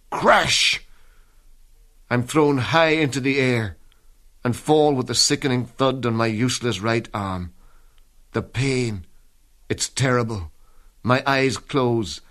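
A man giving a dramatic first-person reading of a soldier's war memoir, grave and intense, sinking to a hush at the darkest moments. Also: medium pitch.

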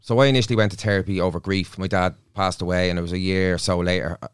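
Deep-voiced man, reflective. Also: fairly even intonation, very fast, clean tone, no echo, studio quality. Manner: reflective, storytelling, often quotes himself. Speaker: therapist and podcast guest. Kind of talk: casual studio podcast chat. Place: podcast studio.

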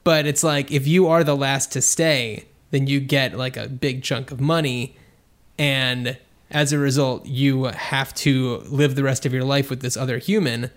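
A man's voice: medium pitch, fairly even intonation, measured pace. A man co-hosting a podcast, rambling and thinking aloud in casual chat, with lots of fillers. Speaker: podcast co-host.

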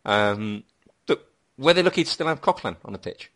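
A man's voice: lowish voice, animated, brisk, fairly bright tone. A man hosting a casual football podcast, chatty with wry asides. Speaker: podcast host.

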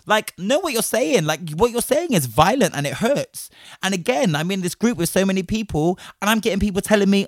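A man's voice: high-pitched, very animated, dry recording, studio quality. Fired-up young man ranting, swearing hard. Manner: impassioned, heavy swearing, fast bursts. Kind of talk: personal rant to camera.

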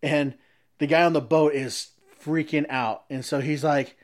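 A man's voice: on the high side, brisk. A man casually telling a long story, often restarting sentences as he explains.

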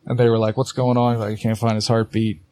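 A young man co-hosting a podcast, telling an animated story in casual chat and swearing a lot. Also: lowish voice, quick pace. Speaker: podcast co-host.

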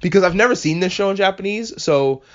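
A man casually recapping anime episodes on a podcast, talking in a loose, profane, animated way. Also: high voice, fast talker. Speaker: podcast host. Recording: muffled lo-fi audio.

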